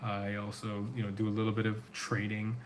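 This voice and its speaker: A middle-aged men's coach hosts a casual livestream, speaking briskly and in a monotone with a low-leaning voice, slight background noise audible. Sore-throated, he answers viewer questions in an earnest, loose, rambling way with many fillers.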